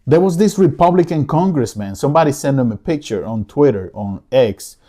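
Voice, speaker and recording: Male podcast host, mellow warm tone, mid-pitched, impassioned pleading monologue with frequent repetition. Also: animated, brisk. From United States. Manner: emotional, pleading, repeats himself. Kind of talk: impassioned solo commentary. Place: living room.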